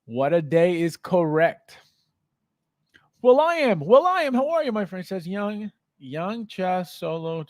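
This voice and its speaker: Male livestream host, casual chat, high and very lively voice, greets viewers and laughs often, dry close sound. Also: unhurried, no room sound.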